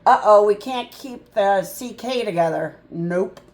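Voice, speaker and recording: A woman tutor teaching a phonics lesson, sounding out words slowly and thinking aloud in a chatty way. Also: mid-range voice. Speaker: reading tutor.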